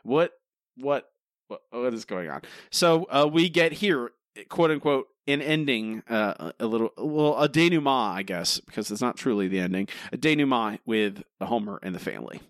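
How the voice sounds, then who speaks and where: A man co-hosting a podcast talks in a casual, animated, often exasperated way, breaking into laughs. His voice sits at mid pitch. The sound is dry and close to the mic. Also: moderate pace, hardly any pauses, no echo. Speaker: podcast co-host. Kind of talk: casual chat.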